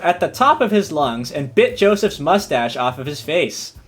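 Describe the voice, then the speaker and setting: Animated man with a lively, high voice. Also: moderate pace, husky. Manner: animated, giggly, breaks into laughs. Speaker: streamer. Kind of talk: reading a silly story aloud, then chatting with stream chat.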